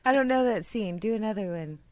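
A woman's voice: medium pitch, expressive, brisk, no echo. A woman hosting a radio show, teasing her co-hosts and laughing a lot, with faint music behind. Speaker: radio host. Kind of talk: casual radio banter.

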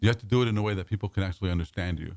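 Fast-talking low-voiced male host. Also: darkish tone, no echo. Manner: rambling, self-correcting, repeats words. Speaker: radio show host. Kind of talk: casual talk show chat.

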